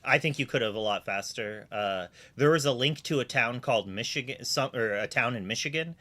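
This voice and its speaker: An Australian man casting a card-game stream, easygoing and quick to laugh. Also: mid-range voice, pushed and bright. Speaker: game caster. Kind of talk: casual stream chat.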